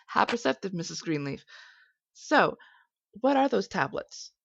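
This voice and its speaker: A woman's voice: mid-range voice, big pitch swings, unhurried, vocal fry, no room sound, exaggerated voice. A woman voicing a wry, probing detective who asks sarcastic questions, in a dull lo-fi recording.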